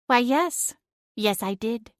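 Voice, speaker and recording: A woman's voice: fairly high pitch, animated, slow pace, no echo, studio quality. A woman voicing a smug, sly female talking cat who teases with drawling, passive-aggressive innocence. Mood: smug teasing.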